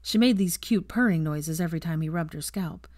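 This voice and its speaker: Woman narrator, fan fiction reading, calm and even, lowish voice, dry close sound. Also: a little fast, no echo. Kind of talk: storybook narration.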